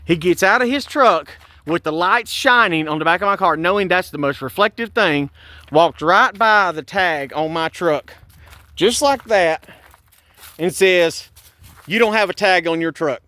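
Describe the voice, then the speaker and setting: A man's voice: sits high, measured pace, bright, forceful tone, no echo. A man, recounting a police stop in an agitated, indignant way and repeating himself. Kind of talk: angry personal vlog.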